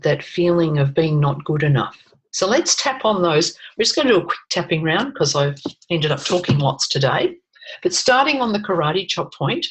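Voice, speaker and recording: A woman coaching a webinar, calmly guiding listeners through tapping points and slowly saying short phrases for them to repeat. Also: low-pitched, low-quality recording.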